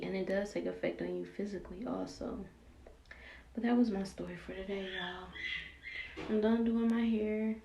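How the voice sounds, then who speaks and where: A young woman telling a story from her teenage years while doing her hair, casual and animated, acting out what people said. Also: medium pitch, vocal fry. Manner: animated, acts out quoted voices, slangy and candid. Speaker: vlogger. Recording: roomy echo with faint background noise.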